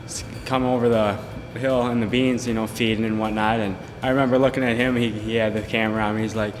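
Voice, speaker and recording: A male bowhunter recounting his hunt in an interview, animated and acting out the dialogue. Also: lowish voice, fast, hardly any pauses, long reverb tail.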